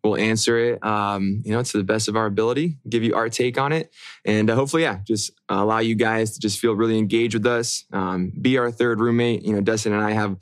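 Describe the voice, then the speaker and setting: A young man co-hosts a casual podcast, his voice sitting a little low. He talks in a relaxed, rambling way, leaning on fillers and restarts. The recording is dry and close. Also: brisk, dry recording. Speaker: podcast co-host. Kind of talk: casual chat.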